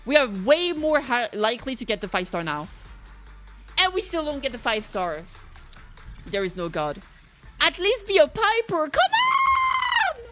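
A young woman streamer reacting loudly to game pulls, talking to the screen and shouting when things go wrong. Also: high-pitched, moderate pace, faint music behind. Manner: excitable, yells at the game. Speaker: gaming streamer.

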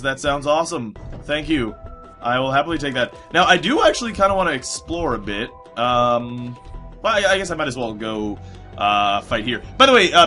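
A chatty man narrates his game in a bright, forceful voice that swings widely in pitch. His throat sounds sore and strained, and he rambles and swears as he plays. Faint music runs underneath. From United States. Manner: rambling, excitable, swears often. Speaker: gaming commentator. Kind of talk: casual let's play commentary.

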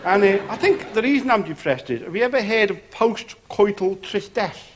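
An actor playing a self-pitying middle-aged warm-up comedian, rambling through his patter in a TV sketch comedy. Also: high voice, animated, normal speed, noisy background.

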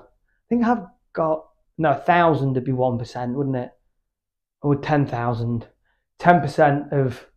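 A man's voice: mid-range voice, darkish tone, highs cut off. A British man chatting candidly between workout sets in his home gym, rambling and swearing freely. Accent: British English. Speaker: fitness YouTuber.

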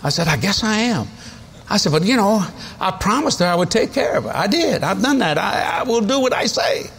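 A man's voice: high-pitched, lively intonation, a little fast, a bit bright, a little hiss or hum. A man, preaching a sermon in a folksy, storytelling way with chuckles. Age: 70s. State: has a cold.

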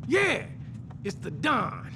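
Cocky gangster in a game, high gravelly voice, noisy game audio. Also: male voice, huge pitch swings, slow, exaggerated voice. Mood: shifty. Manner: cocky, boastful, defensive. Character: brash hot-headed young male gangster. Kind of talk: video game cutscene acting.

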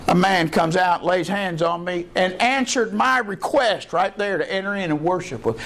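A man preaching a sermon as pastor, telling folksy stories and climbing into excited high bursts. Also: moderate pace, few pauses. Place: church.

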